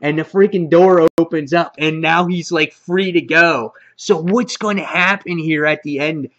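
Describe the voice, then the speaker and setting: A man's voice: on the high side, a little slow, a bit bright, highs cut off. A man hosting his own comic book review channel, talking casually with lots of fillers and restarts. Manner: rambling with frequent fillers and restarts.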